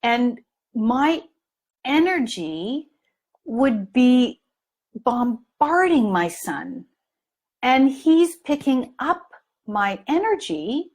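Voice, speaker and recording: Lively storytelling woman, slow and deliberate. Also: a little high. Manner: animated storytelling, acts out scenes in lively voices. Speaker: parent coach. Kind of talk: live training talk to an online audience.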